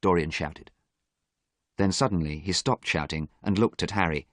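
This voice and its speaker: A man reading a story aloud for English learners, slowly and clearly in simple storytelling. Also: sits low, fairly bright tone, no echo, studio quality. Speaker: narrator.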